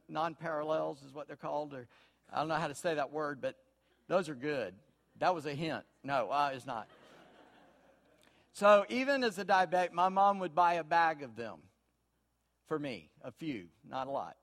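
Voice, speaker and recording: Folksy preacher, high-voiced man. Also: animated, moderate pace. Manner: folksy, storytelling, swings from quiet asides to loud emphasis. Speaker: pastor. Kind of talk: sermon.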